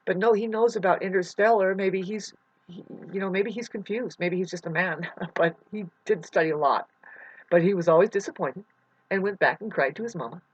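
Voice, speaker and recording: A vlogger talking in a rambling, unscripted monologue, full of restarts, swinging between mumbling and loud outbursts into a computer mic. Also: medium pitch, a little fast, dry recording, dull audio.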